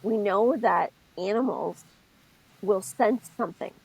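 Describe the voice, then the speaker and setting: A woman with a husky, breathy voice talks through spiritual ideas in a relaxed podcast chat. She is expressive and thinks out loud, often breaking off to start her sentence again. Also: mid-range voice, measured pace, poor audio. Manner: expressive, thinks aloud, self-interrupting. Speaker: podcast co-host.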